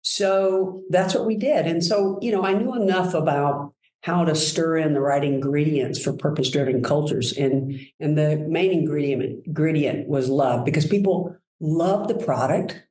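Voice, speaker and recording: A woman guest telling enthusiastic, animated stories about her work in a relaxed conversation. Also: low voice, normal speed, few pauses, reverberant, low-quality recording. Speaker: guest, brand executive. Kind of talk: conversational storytelling.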